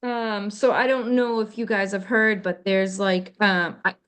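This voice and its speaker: Woman on a podcast, halting, lots of ums and restarts, mid pitch. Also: fairly even intonation, a bit bright, clear, resonant tone. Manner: hesitant, many ums and restarts. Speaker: podcast co-host. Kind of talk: casual chat.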